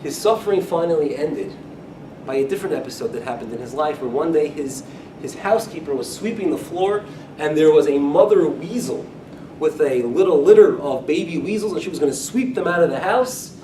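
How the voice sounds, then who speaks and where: A man's voice: lively intonation, brisk, mellow. A man teaching a Talmud class as a rabbi, talking in a conversational way and often repeating or restarting his phrases. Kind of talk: lecture-style Talmud class. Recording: echoey room, speaker far from mic, faint rumble.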